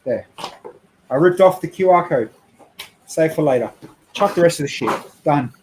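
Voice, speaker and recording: A man's voice: on the high side, expressive, normal speed, a little mellow, reverberant, a little hiss or hum, rough recording. A young man hosting a casual livestream, blunt and sweary, joking as he goes. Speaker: streamer host.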